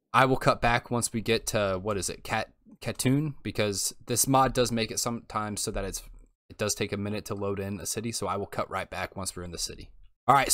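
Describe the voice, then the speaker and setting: A man's voice: on the low side, a bit bright, dry recording, clean studio sound. A young man giving casual, chatty gameplay commentary and thinking aloud as he plays. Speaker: let's play host.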